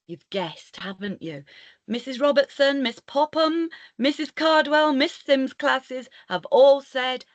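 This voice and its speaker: A woman storyteller giving a live lesson to school classes, animated and reading out and praising the children's answers. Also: on the high side, slow pace, no room sound, muffled recording.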